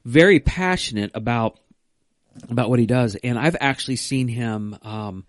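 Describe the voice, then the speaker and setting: A man's voice: medium pitch, normal speed, dry recording, clean studio sound. A man co-hosting a casual church talk, enthusiastic and often restarting his sentences. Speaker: co-host. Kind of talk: casual church podcast chat.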